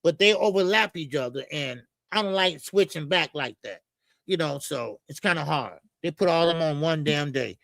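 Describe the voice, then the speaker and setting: A man hosting a live boxing talk stream, ranting in a profane, animated way and often repeating himself. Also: a little high, normal speed, vocal fry, no room sound. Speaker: boxing show host.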